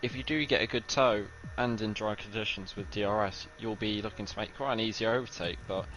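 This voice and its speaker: Man, co-commentator on a racing stream, lowish voice, loose and chuckling delivery. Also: steady tone, brisk, fairly bright tone, slight background noise, poor audio. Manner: casual, laughs often, loose and rambling. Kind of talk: live sim racing commentary.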